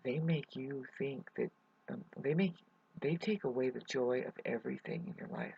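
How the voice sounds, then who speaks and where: Hesitant gravelly-voiced man, rambling. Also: mid-range voice, wildly swooping pitch, moderate pace. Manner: hesitant, full of fillers and restarts. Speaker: vlogger. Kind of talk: rambling personal update. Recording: dull lo-fi recording.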